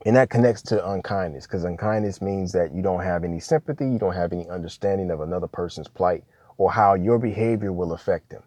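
Man, low dark voice, emphatic scripture teacher who keeps checking "okay?", dry close sound. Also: fast, dry recording. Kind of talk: preaching talk on scripture.

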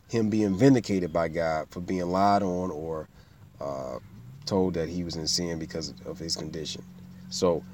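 Guy preaching a sermon, punchy and emphatic, gets loud then drops low. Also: slight background noise. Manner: emphatic, swings from loud preaching to quiet asides.

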